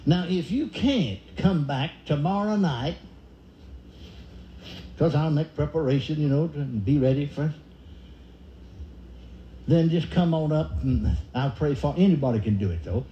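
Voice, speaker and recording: Older preacher guy, high voice, sounds kinda muffled, faint hiss behind him. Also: mellow. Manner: acts out forced laughter and quoted dialogue. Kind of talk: sermon storytelling. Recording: echoey dull room recording.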